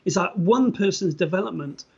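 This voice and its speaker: A man co-hosting a casual podcast chat, with a fairly high, husky voice. His mic sounds dull and lo-fi, and he talks in a wry, hesitant way that trails off. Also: lively intonation, moderate pace, a little mellow. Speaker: podcast co-host.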